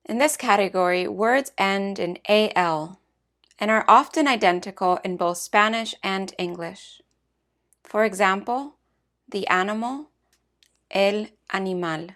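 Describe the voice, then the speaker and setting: A woman narrating a scripted language lesson with clear, measured explanations. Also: medium pitch, fairly bright tone. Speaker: language teacher.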